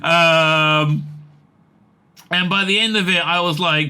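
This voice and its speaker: A man giving casual comic commentary on an interview, excitable and rambling, with many fillers and laughs. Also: a little high, slow pace, pauses often, clear, resonant tone.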